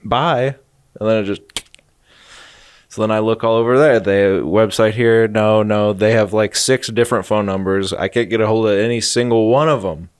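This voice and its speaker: A man's voice: on the low side, fairly even intonation, normal speed, clear, resonant tone, no echo. Rambling jokey man, dry close sound. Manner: rambling storyteller, jokey asides. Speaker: podcast co-host. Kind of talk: casual comedic chat.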